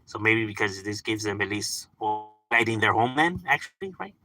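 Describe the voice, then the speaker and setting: A man's voice: on the low side, lively intonation, a little fast, pushed and bright, dry recording, faint music behind, poor audio. A man chatting casually on a live stream, swearing freely, laughing often and filling his talk with "like" and "you know.". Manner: loose and profane, laughs often, lots of fillers; chatting back to unseen viewers.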